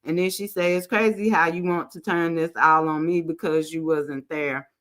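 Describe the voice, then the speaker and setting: Give me a low-voiced woman reading screenshots aloud on a livestream. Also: moderate pace. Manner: greets chat viewers by name, reads messages aloud in a flat drawl. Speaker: channel host reading screenshots to live viewers. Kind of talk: casual livestream commentary.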